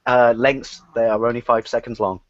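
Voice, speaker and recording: A man's voice: medium pitch, moderate pace, dry recording. A man chatting on a live stream panel, teasing and swearing freely, on dry, dull lo-fi audio. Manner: crude, teasing, animated. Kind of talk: casual chat on a live stream.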